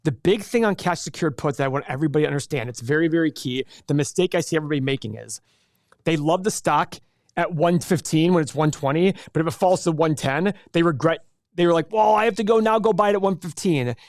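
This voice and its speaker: Guy pitching his investing course, high-ish voice, super energetic, dry close sound. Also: fast talker, no echo. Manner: energetic, animated salesman pitch. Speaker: host teaching an investing class. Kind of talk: live webinar teaching.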